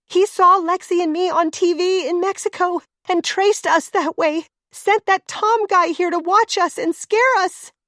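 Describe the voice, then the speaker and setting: A woman voicing a frightened woman named Claire who shouts urgently over an engine, her pitch pushed high. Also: fairly even intonation, unhurried, hardly any pauses, no echo, studio quality. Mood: frantic.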